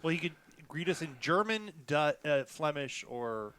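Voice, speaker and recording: A man playing a tabletop role-playing game, eager and quick to correct others. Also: a little high, expressive, fairly bright tone, clean tone. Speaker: player. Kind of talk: casual chat at a game table.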